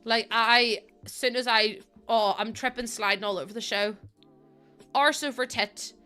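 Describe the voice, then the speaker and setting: A woman's voice: fairly high pitch, fairly even intonation, measured pace, sharp tone, smooth, soft background music. Chatty Northern Irish woman streamer. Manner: chatty, laughs often, talks to chat. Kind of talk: casual live-stream chat while building in a game.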